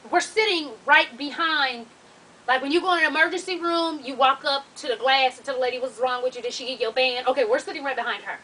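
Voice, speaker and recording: A woman vlogger telling a story to her viewers in casual, profane talk, animated and laughing as she goes. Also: sits high. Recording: distant mic with faint hiss.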